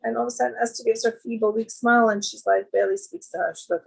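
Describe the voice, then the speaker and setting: A woman's voice: fairly high pitch, steady tone, racing, creaky, few pauses, slightly rough, poor audio. A woman giving a storytelling talk to a women's gathering, chatty and full of fillers, often jumping into livelier voices for the people in her stories. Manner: conversational, with many fillers and jumps into quoted voices.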